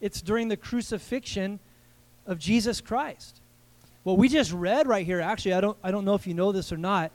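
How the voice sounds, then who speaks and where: A middle-aged man with a high voice preaches at a church service. He talks to the congregation in a relaxed, conversational way, with playful asides and frequent restarts. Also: moderate pace. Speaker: guest pastor. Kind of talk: sermon.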